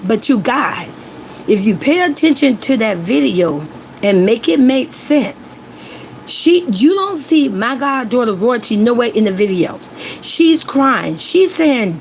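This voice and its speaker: A fairly high-pitched woman runs a commentary stream, hammering her points again and again. She speaks straight to her chat, asking them to agree, on a low-quality recording with faint hiss or hum.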